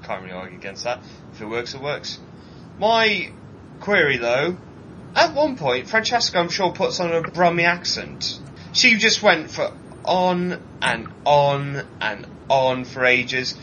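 A man with a bright, lively voice rants animatedly as he co-hosts a casual chat show, mocking people in high put-on voices. His pitch is slightly high. The recording is a bit dull and lo-fi, with faint noise behind it. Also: a little slow. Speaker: podcast co-host.

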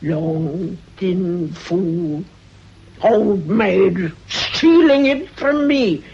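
A spiteful old woman who schemes and mutters threats, slow and husky in her delivery. This is a vintage radio play, its sound dull and lo-fi. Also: lowish voice, animated, a little mellow, full character voice. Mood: muttering, vengeful. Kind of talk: radio drama acting.

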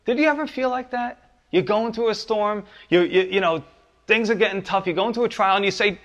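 A pastor preaching a sermon, his voice climbing high and loud for the pleas and dropping low and soft on the promises. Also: a little fast.

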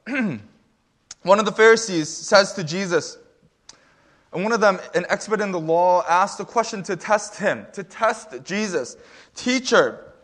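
Young guy pastor giving a sermon, chatty, lotta "like" and "right?", kinda higher voice. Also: fairly bright tone. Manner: casual and conversational, many fillers, rises for emphasis.

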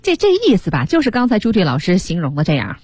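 A woman hosting a radio English lesson in a studio, explaining phrases with lively, drawn-out emphasis. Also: on the low side, slightly rough, no echo. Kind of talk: bilingual teaching commentary.

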